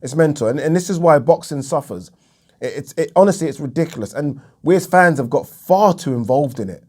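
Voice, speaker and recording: In this opinion vlog rant, a man from England speaks briskly in a fairly high, slightly mellow, animated voice. Heated and emphatic, he comments alone on boxing, swearing a lot and saying things over again to drive them home.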